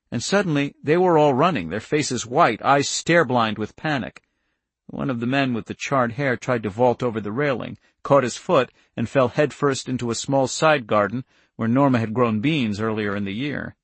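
A man's voice: mid-range voice, dry recording. A man narrating an audiobook in a tense, dramatic storytelling manner, close on the microphone.

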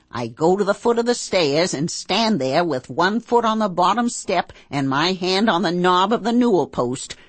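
A blunt, earthy housekeeper in her sixties, as a woman reads her part, telling her tale in first-person audiobook narration. Her husky voice sits low but rises and falls with lively swings as she spins her salty, plain-spoken rural talk. The sound is close and dry. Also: no room sound, exaggerated voice.

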